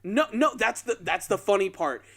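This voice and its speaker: Guy on a podcast, slightly high voice, animated storyteller, does little voices. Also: normal speed, gravelly. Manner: animated storytelling, acts out quoted lines in exaggerated voices. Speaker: podcast co-host. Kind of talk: casual podcast chat.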